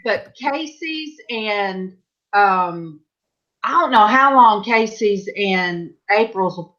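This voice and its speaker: A woman's voice: mid-range voice, lively intonation, extremely slow, bright, forceful tone, highs cut off. A middle-aged woman hosting a casual live panel chat over a video call, telling rambling stories with fillers and restarts.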